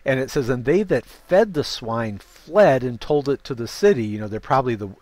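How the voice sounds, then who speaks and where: A man's voice: mid-range voice, expressive, normal speed, a little mellow. A man leading a Bible study, reading King James verses aloud and breaking in with informal, chatty asides. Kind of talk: scripture reading with casual commentary.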